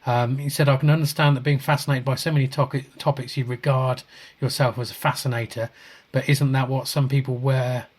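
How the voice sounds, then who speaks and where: A man's voice: medium pitch, brisk, few pauses. Man reading viewer comments on a podcast. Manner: relaxed, chuckles often, stumbles and restarts. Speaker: podcast co-host. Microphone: video call.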